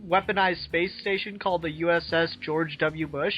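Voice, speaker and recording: A man hosting a casual podcast, energetic and swearing freely. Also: on the high side, moderate pace, muffled recording, soft background music. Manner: energetic, swearing, laughing often. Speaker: podcast host. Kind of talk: casual chat.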